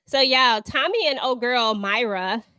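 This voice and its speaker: Woman co-host, a bit high-voiced, dry sound, asks questions, self-mocking laughs, video call. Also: unhurried, bright, forceful tone, smooth, no echo. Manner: leads questions, laughs at herself. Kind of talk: casual chat.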